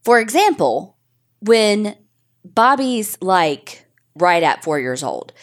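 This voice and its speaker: A woman's voice: medium pitch, big pitch swings, slow pace. A woman co-hosting a podcast, telling a true-crime story in a chatty, frank way with casual swearing. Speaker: podcast co-host.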